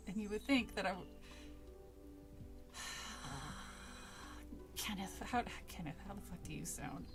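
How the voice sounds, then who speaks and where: A woman's voice: medium pitch, a bit bright. A woman streamer reading a spooky book aloud with casual asides to chat, laughing often and swearing freely.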